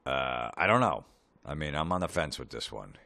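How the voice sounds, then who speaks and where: Very deep-voiced man ranting sarcastically. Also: moderate pace, creaky. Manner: profane, sarcastic, deadpan asides. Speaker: comedy podcast host. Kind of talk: sarcastic comedic rant.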